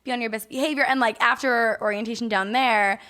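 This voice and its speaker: A woman in her twenties, a podcast guest chatting casually in a lively way, laughing often and using many fillers. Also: fairly high pitch, brisk. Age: 20s. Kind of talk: casual chat. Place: living room with a live audience.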